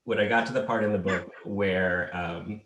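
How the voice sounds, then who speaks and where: A man's voice: on the low side, steady tone, normal speed, a bit bright. Man moderating, echoey room. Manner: brief, agreeable interjections. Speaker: panel moderator. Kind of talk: casual panel talk.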